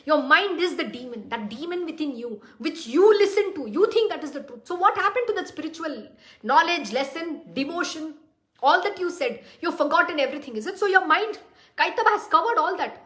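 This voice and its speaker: A woman's voice: high voice, animated, a little fast, a bit bright. A woman giving a devotional talk as a spiritual teacher, blunt and direct, posing rhetorical questions to her listeners. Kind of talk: devotional discourse. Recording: roomy echo.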